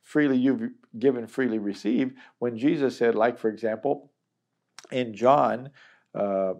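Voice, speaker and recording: A man's voice: mid-range voice, unhurried, darkish tone. A middle-aged man teaching a Bible chapter in a conversational, earnest way, acting out the people he quotes.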